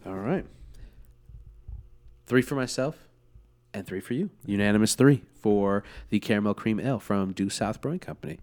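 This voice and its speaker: A man's voice: fairly low pitch, normal speed, long pauses, darkish tone. A man co-hosting a podcast in casual chat, laid-back, swearing freely and laughing often. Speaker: podcast co-host.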